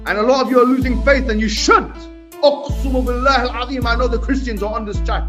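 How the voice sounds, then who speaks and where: A man's voice: extremely high pitch, quick pace, a bit bright, soft background music. A man in a livestream rant, taunting and preachy, challenging his listeners.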